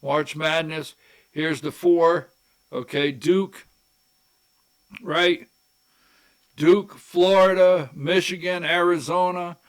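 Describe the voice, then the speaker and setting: A man from rural Georgia hosts a political talk show in a loose, unscripted monologue. He talks slowly and drifts from one thing to the next, often saying the same phrase twice. His voice sits a bit high for a man. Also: fairly even intonation, clean tone. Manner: rambling, folksy, repeats phrases. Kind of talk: casual commentary monologue.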